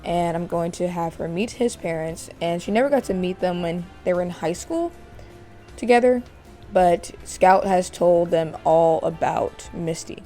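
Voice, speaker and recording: A woman's voice: fairly low pitch, a little slow, warm tone, soft background music. A woman hosting a casual let's-play, chatting as she narrates her game. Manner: chatty, narrates while playing. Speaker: gaming channel host.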